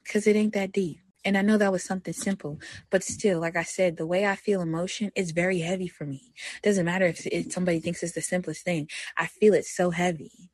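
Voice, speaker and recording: A young woman hosting a personal podcast, talking candidly. She moves between soft reflection and animated self-talk. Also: lowish voice, fairly quick, breathy edge, dry recording. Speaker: podcast host.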